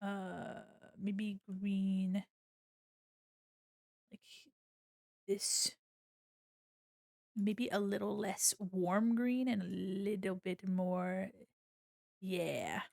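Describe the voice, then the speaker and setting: A woman's voice: medium pitch, extremely slow, creaky, long pauses, a little mellow, no echo. Playful, laughing woman streamer, dry sound. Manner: playful, laughs often, swears casually. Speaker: streamer and illustrator. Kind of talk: casual chat while drawing on stream.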